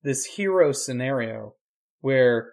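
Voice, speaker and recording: A man co-hosting a casual podcast, a preacher who talks in an easygoing, reflective way and slips in deadpan jokes. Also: medium pitch, takes it slowly, vocal fry. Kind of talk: casual chat.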